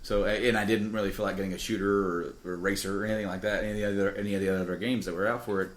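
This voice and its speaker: A man's voice: fairly low pitch, level tone, rapid-fire. A man hosting a gaming podcast in a studio, talking in a loose, rambling way. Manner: rambling, drinking beer while talking. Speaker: podcast host. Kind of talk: casual chat.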